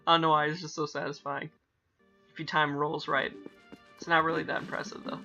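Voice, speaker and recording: A man's voice: fairly high pitch, little pitch movement, fairly quick, vocal fry, long pauses, bright, forceful tone. A young man rambling casually over gameplay, often correcting himself mid-sentence. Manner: rambling, self-correcting, reads game dialogue aloud in playful voices. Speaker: let's-play gamer. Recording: dull lo-fi mic with faint game music.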